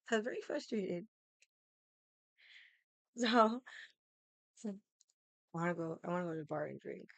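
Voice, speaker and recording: A woman's voice: lowish voice, expressive, measured pace, vocal fry, long pauses, dry recording. A woman livestreamer telling a story in casual, rambling speech, swearing constantly as she talks. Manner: restarts and fillers, loosely paced.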